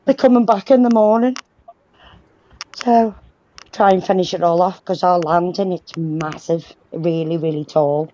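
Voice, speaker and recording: A woman's voice: lowish voice, fairly even intonation, measured pace, mellow, slight background noise. A woman chatting casually on a livestream, rambling through stories and swearing casually. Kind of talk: casual chat. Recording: dull lo-fi sound.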